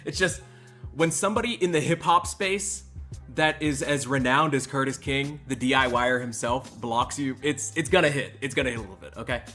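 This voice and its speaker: A man hosting a livestream, mock-emotional, jumping between loud outbursts and hushed mumbling. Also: mid-range voice, fairly quick, faint music behind. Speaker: host. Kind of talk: livestream commentary.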